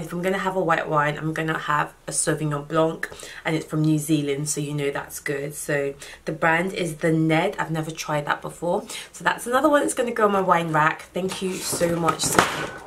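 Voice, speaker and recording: A young woman, chatting casually through a gift unboxing vlog, warm and thankful. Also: low-pitched, steady tone, moderate pace. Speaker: vlogger.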